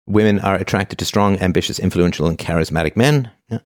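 A man in his fifties with a low voice talks fast, casually reading posts aloud and commenting on each line, often saying "uh" and restarting. The recording is studio quality with no room sound.

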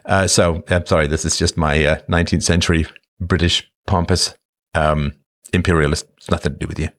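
A man's voice: low voice, a little fast. Wry man hosting a livestream. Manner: wry, self-mocking, animated. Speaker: show host reading chat. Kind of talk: casual livestream talk.

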